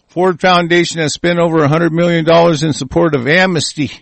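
A man's fairly high voice in a heated, foul-mouthed rant. He drops to low mutters, then climbs into raised, shouting tirades, tripping over his own words. The sound is dry and close, with no room around it. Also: steady tone, fairly quick, creaky, hardly any pauses, no echo. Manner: heated, swearing constantly, stumbling restarts. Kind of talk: angry profane monologue rant.

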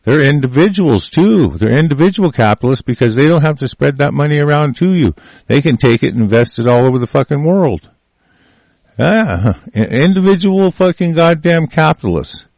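A man's voice: a little high, lively intonation, normal speed, gravelly, a little mellow, no echo. An older man vlogging a heated, rambling political rant, full of swearing and broken-off restarts.

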